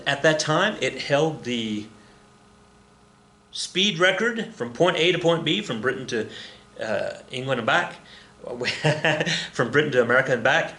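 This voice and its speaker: Male history teacher, bright voice, digressive and self-correcting, recorded in an echoey room. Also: medium pitch. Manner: rambling, self-correcting, joking asides. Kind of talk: recorded classroom lecture. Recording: roomy echo with faint ambience.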